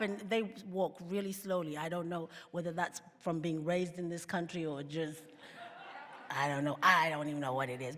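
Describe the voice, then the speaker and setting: A South African woman giving a keynote speech, deliberate, dropping into mocking voices when she quotes others. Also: a little high, fairly bright tone. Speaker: keynote speaker. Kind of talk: public speech. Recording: reverberant hall.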